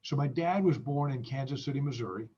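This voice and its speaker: Halting man on a dull video call. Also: medium pitch, mellow, slight background noise. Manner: halting, many restarts and fillers, friendly. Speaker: guest. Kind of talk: casual video-call interview.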